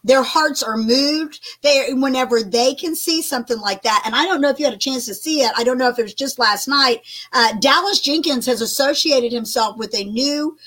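An older woman co-hosting a Christian broadcast, talking in an animated, emphatic way with many restarts. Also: high-pitched, normal speed. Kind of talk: casual faith talk chat.

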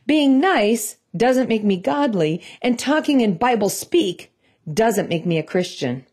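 A woman with a Midwestern accent tells a devotional story in a relaxed, earnest, conversational way. Her voice sits slightly high and she talks as if to a friend. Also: breathy edge. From Minnesota, US. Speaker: devotional host.

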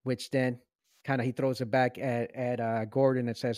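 A man's voice: medium pitch, moderate pace, dry recording. Fields: Sex: man. Role: podcast co-host. Style: laughing movie-review chat, dry close sound. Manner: animated, mock-serious, laughs often.

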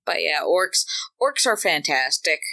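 A woman's voice: on the low side, sing-song, a little slow, creaky, sharp tone, low-quality recording. A woman co-hosting a podcast, chatting casually and enthusiastically about tabletop gaming. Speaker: podcast co-host.

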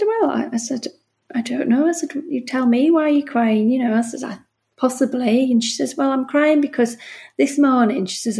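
A woman's voice: a little high, darkish tone. A middle-aged woman, talking earnestly about her work as a bereavement midwife in a casual interview, often restarting and acting out conversations. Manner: earnest, emotional, frequent restarts and quoted dialogue. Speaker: bereavement midwife, podcast guest.

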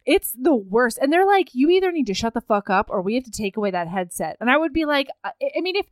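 A woman's voice: a little high, big pitch swings, fast talker, no room sound. A woman in casual chat retelling a film plot in a wry storytelling manner. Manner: storytelling, wry, laughing along.

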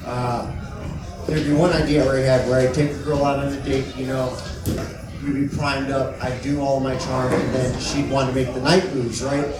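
A man's voice: medium pitch, flat delivery, normal speed. A man doing a rambling, self-deprecating stand-up set on a comedy club stage and then hosting the show. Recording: echoey room, mic at a distance, loud noise. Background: audience laughter.

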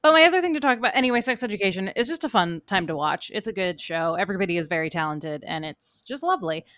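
A woman co-hosting a podcast, talking in a lively, chatty way full of quick asides. Her voice sits at a middle pitch and is recorded close and dry, with no room sound. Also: no echo. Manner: chatty and animated, quick asides, frequent laughs. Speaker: podcast co-host. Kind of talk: casual chat about TV shows.

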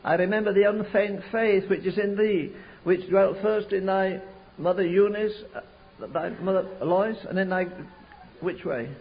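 A man's voice: high voice, fairly even intonation, measured pace. An older man from America preaching a sermon, telling stories and building to fervent emphasis. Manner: storytelling, rising to fervent emphasis. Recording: dull lo-fi sound.

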